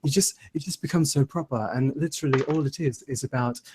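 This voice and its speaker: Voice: mid-range voice, brisk, a little mellow, a little hiss or hum. A host leads a loose group hangout over a voice call. The talk is chatty and eager, with easy laughter. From Australia. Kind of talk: casual group chat on a call.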